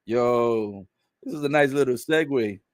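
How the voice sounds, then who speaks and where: A man giving a casual live recap of a wrestling show, relaying what is said in the ring and reacting with laughs and loud exclamations. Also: mid-range voice, dry recording, studio quality. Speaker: live wrestling watch-along commentator.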